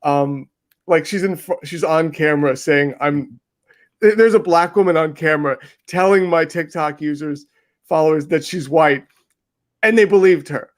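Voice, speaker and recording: A man hosting an interview and telling a story with animated emphasis, acting out his own remarks. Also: on the high side, moderate pace. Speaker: interview host. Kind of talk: casual interview chat.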